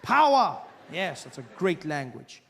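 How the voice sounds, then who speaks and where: A man's voice: a little high, fairly quick, in a large hall. A man in his twenties from South Africa performing a stand-up comedy set, acting out voices. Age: 20s. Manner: animated, acts out voices and accents. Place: live comedy stage.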